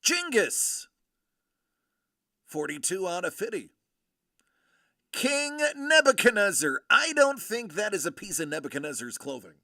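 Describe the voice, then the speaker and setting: A man doing casual live-stream commentary while opening collectible cards, joking and reacting loudly. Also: on the high side, very animated, fairly quick, few pauses, dry recording, studio quality.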